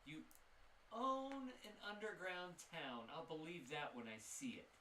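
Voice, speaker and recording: A man putting on a high, excitable old shopkeeper. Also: unhurried, a little hiss or hum, full character voice. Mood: teasing. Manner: high excited voice, joking and theatrical. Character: lonely eccentric male village shopkeeper, chatty and quick-witted. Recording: echoey room, mic at a distance.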